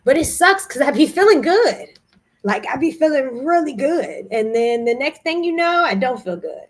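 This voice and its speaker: A young vlogger who runs group trips speaks candidly and emotionally to her camera about feeling tired and unwell. Her voice is high-pitched and animated, at a moderate pace, in casual vlog style.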